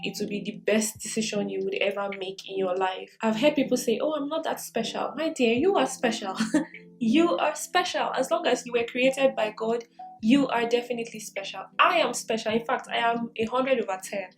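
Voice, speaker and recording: A woman's voice: on the high side, moderate pace, soft background music, rough recording. A young woman in her twenties vlogging while doing her makeup, giving earnest, encouraging self-improvement advice and laughing often. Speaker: lifestyle vlogger. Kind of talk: casual get-ready-with-me advice vlog. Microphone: camera mic while doing makeup.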